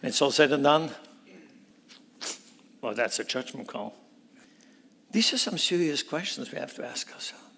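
A man's voice: mid-range voice, animated, normal speed, gravelly, long pauses, a bit bright, breathy edge. A man preaching a sermon, dramatically acting out biblical dialogue with rising intensity. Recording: long hall reverb.

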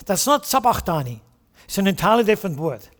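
A man's voice: sits high, big pitch swings, quick pace, long reverb tail. A man preaching a sermon, teaching with emphasis and putting questions to the congregation.

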